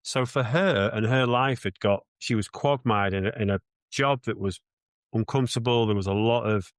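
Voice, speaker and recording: A man's voice: lowish voice, no room sound. A man with a British accent, a mindset coach answering interview questions in an earnest, reflective way, often restarting his sentences.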